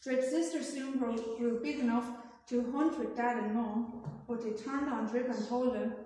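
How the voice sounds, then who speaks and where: A woman's voice: on the high side, fairly even intonation, a little slow, warm tone. A woman storyteller reading a rhyming picture book aloud to children in a rhythmic, sing-song way and asking them questions. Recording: echoey hall from far off.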